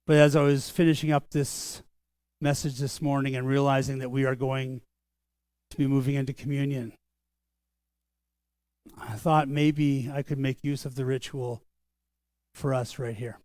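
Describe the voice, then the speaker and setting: A man's voice: medium pitch, level tone, darkish tone, no echo. Older man pastor, dry close sound. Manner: earnest, conversational, slows for solemn lines. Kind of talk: sermon storytelling. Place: church sanctuary.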